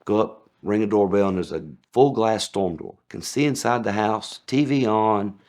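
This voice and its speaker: A man's voice: moderate pace, a little mellow. A man telling sarcastic stories about his days as a delivery driver, acting out the people he quotes. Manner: sarcastic, acts out quoted people with big pitch jumps. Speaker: former package delivery driver. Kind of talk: anecdotal storytelling.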